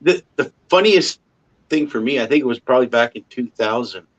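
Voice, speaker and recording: A man's voice: mid-range voice, expressive, brisk, rough recording. A man with a Canadian accent chatting casually as host of a livestream, a rambling storyteller who chuckles often.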